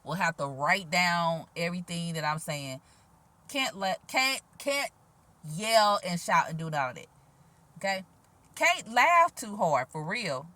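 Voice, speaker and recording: A woman vlogging outdoors in a quiet, gentle voice, talking casually with sass and frequent laughs. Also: on the low side, measured pace. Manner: animated, sassy, laughs often, soft-spoken. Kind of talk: casual spiritual vlog monologue.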